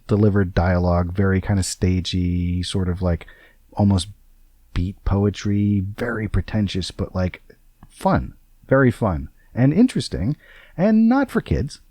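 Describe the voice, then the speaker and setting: A man hosting a casual podcast chat, wandering through his points with fillers and self-corrections. His voice sits low and warm. The sound is dry and close, with no room around it. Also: no echo. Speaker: podcast host.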